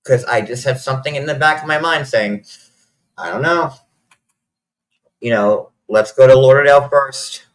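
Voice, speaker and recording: A man's voice: medium pitch, moderate pace, pauses often, rough recording. A man in his thirties tells a personal story in loose, rambling sentences. He swears freely, and at moments he is close to tears. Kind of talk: emotional casual storytelling.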